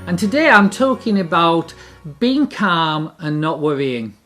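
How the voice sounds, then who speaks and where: A middle-aged speaker giving a devotional talk in an animated way, repeating key phrases for emphasis. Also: medium pitch, measured pace, soft background music.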